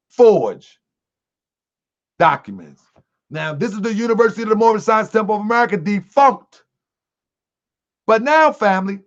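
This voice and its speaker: A man hosting an online livestream, commenting to his viewers in a preachy, animated way. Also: high-pitched. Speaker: host of an online show. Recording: dull lo-fi sound.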